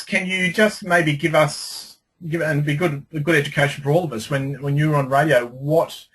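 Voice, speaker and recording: A man hosting a copywriting webinar in casual discussion, talking animatedly and breaking into lively demo readings. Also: a little high, breathy edge, low-quality recording.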